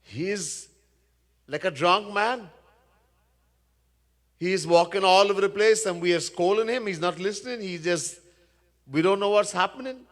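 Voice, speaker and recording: A man's voice: high-pitched, normal speed, long pauses, pitched above the performer's own voice, close to an everyday voice. A man voicing anxious palanquin bearers pleading with their king that a newcomer is to blame, told in an echoey hall. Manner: pleading, defensive. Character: worried palanquin bearers, working men.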